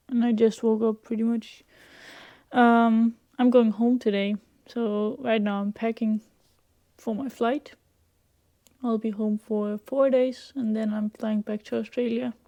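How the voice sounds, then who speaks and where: Soft-spoken young woman from Denmark. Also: on the high side, fairly even intonation, slow. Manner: chatty, hesitant with many fillers, sometimes half-whispering. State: sick, in bed. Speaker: vlogger. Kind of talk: casual vlog to camera.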